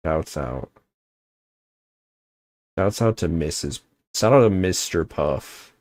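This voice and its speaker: A man's voice: deep voice, expressive, slow, a little mellow, no echo. A young man streaming a game, chatting casually in a rambling, joking way and often cutting himself off. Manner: rambling, joking, self-interrupting. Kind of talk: casual gaming livestream chat.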